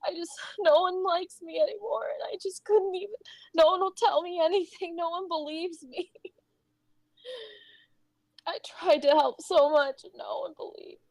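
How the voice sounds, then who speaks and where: A woman's voice: very high-pitched, big pitch swings, drawn-out words, vocal fry, long pauses, fairly bright tone, no room sound, exaggerated voice. A woman voicing a grieving, drunken bearded man who sobs and pleads, his voice breaking. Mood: pleading despair.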